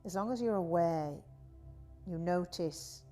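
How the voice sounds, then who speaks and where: A woman teaching a guided yoga class, talking in a slow, soothing, drawn-out way. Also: fairly low pitch, warm tone, faint music behind. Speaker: yoga instructor.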